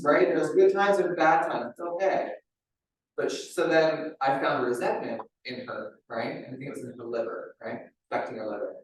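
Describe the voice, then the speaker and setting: A man's voice: a little high, a bit bright, slight background noise. A man leading a live wellness demonstration for a group, talking casually and checking in with "right?" after many phrases. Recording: very echoey room, mic far off.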